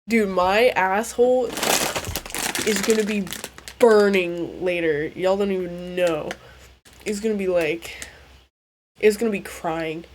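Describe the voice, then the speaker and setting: A young woman streaming a game, chatting casually in a crude, joking and excitable way. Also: medium pitch, slow pace, pauses often, slight background noise. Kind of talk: casual gameplay stream chat.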